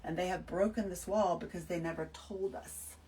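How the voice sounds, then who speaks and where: A woman giving an emphatic, animated spiritual talk to her listeners, full of swearing. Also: on the low side, moderate pace, far from the mic, rough recording. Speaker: host. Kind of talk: spiritual monologue to camera.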